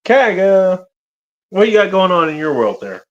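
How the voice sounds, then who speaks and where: A man's voice: high voice, big pitch swings, normal speed, dull audio. A man from the United States hosting a casual chat, rambling and joking with many restarts. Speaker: host.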